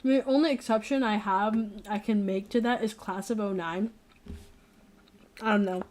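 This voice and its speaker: A young woman talks casually at a middle pitch, wandering through her thoughts with plenty of fillers and restarts. She is blunt and opinionated about what she likes and doesn't. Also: normal speed, a little mellow, slight background noise. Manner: rambling, frequent fillers and restarts. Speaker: streamer. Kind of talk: casual chat.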